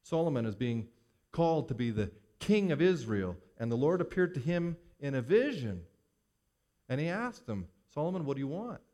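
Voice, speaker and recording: A male pastor delivering a sermon in a mid-pitched voice. He builds his points through rhetorical questions and briefly acts out the voices of the people in his stories. His pacing rises and falls like a preacher working his congregation. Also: very animated, normal speed, warm tone. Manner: preacher's rhythm, rhetorical questions, voices Bible figures in quotes.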